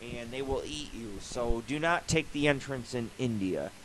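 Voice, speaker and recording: A male radio host talks in a loose, rambling monologue and swears freely. His voice sits at a middle pitch. A faint hiss runs under the recording. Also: moderate pace, low-quality recording. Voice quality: profane, rambling storyteller. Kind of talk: casual live radio monologue.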